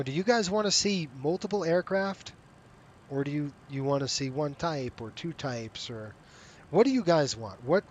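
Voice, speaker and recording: This mid-range male voice belongs to a flight sim streamer with a virtual airline, casually talking over gameplay in a rambling, self-interrupting way while tired and yawning. There's slight background noise.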